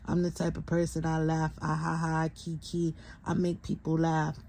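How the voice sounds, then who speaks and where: Exhausted young woman vlogger, flat low gravelly voice, venting straight to camera. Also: moderate pace, slight background noise, rough recording. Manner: venting, tired, talks straight to viewers. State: exhausted, close to tears. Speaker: vlogger, parent of a sick child. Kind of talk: emotional vlog update.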